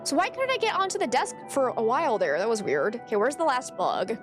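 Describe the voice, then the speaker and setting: A woman's voice: on the high side, wildly swooping pitch, brisk, over music. Exasperated, chatty woman streamer. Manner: exasperated, chatty, swears casually. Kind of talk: casual gameplay commentary.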